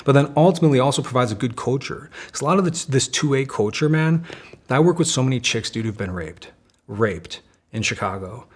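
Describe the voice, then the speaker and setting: Guest: thirties-age man, mid-pitched, energetic and profane storyteller, casual podcast chat. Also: husky. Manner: animated, profane, fast storytelling with frequent "dude" and "man". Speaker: guest, former special operations Marine and firearms instructor. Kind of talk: casual conversational interview.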